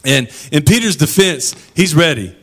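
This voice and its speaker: A man's voice: on the high side, animated, normal speed, fairly bright tone. Man preaching a casual, slangy sermon. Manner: casual, conversational storytelling with slangy asides. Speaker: pastor.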